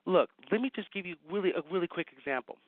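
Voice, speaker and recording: A man, a science fiction writer, telling an animated anecdote as a guest and acting out the people he quotes. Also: high-pitched, fast, no room sound, narrow, tinny audio. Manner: lively storyteller acting out quoted voices.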